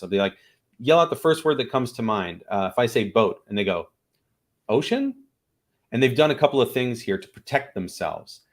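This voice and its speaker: A man, an improv teacher and guest on the show, talking in a casual interview and acting out little voices in his stories. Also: sits low.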